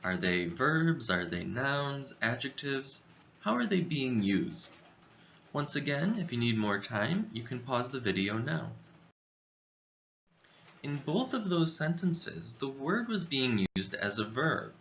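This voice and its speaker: A man presents a scripted English vocabulary lesson in a clear, deliberate voice that rises and falls a lot. The sound is a little dull, as if the audio were slightly muffled. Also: mid-range voice, a bit bright, a little hiss or hum. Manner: slow, clear, deliberate delivery. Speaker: English teacher.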